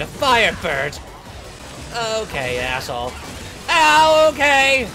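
A man's voice: high-pitched, full character voice. A man playing a symmetry-obsessed young male reaper, giving short-tempered gameplay commentary and swearing at the game. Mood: annoyed, playful. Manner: easily agitated, swears and yells at the game. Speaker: gamer playing in character. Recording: game music playing behind the voice.

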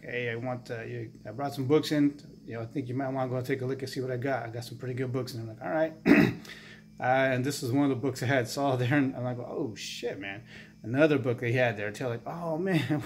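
A man chatting casually to his camera as a comic book collector, enthusiastic and rambling with lots of fillers. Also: medium pitch.

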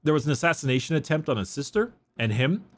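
A man's voice: fairly high pitch, big pitch swings, fast talker. A man in casual chat, retelling a story in a rambling way and acting out the quotes. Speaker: podcast co-host retelling lore.

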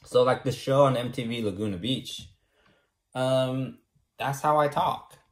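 A young vlogger from California speaks casually to the camera in an unhurried, mid-range voice. He's rambling and self-assured, frequently tagging his points with "right?".

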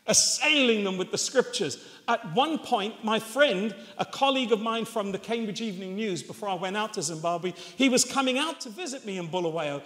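A man's voice: very high-pitched, a bit bright. A man in his sixties from England, preaching a sermon as a chuckling, self-mocking storyteller. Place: church hall. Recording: long reverb of a church hall.

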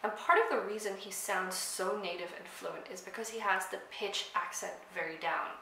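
A woman's voice: medium pitch, expressive, moderate pace, vocal fry, sharp tone, roomy sound, a little hiss or hum, low-quality recording. A young South African woman, Afrikaans by first language, chatting casually to camera as a language vlogger, with frequent ums and likes. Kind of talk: casual explanatory talk to camera.

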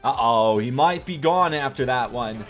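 A young man giving excited, hyped commentary over his own hockey video game, yelling at big plays and joking with crude words. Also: medium pitch, unhurried. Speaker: gaming YouTuber. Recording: faint music behind.

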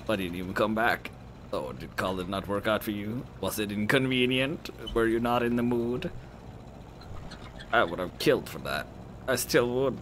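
A man voicing a bitter, stern young woman crocodile who speaks low, cold and clipped. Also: fairly bright tone, a little hiss or hum.

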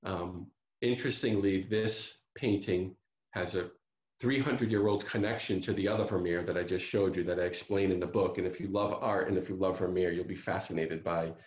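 A man's voice: low voice, fairly quick, dull audio. Storytelling man on an echoey video call. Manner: animated storyteller with frequent fillers and restarts. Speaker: author giving a library talk. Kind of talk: storytelling book talk over a video call. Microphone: computer mic on a video call.

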